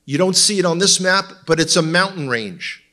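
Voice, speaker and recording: A man with an Israeli accent teaches from slides in front of a congregation. His voice sits fairly high for a man. He keeps the talk light with wry jokes and teasing asides to the audience. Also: expressive, moderate pace, bright, forceful tone. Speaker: tour guide and guest speaker.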